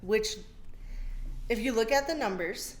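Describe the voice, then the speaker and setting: A woman's voice: fairly high pitch, a little slow. A woman guest on a podcast, breaking down politics and vote counts in a matter-of-fact, casual way. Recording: echoey room with faint noise.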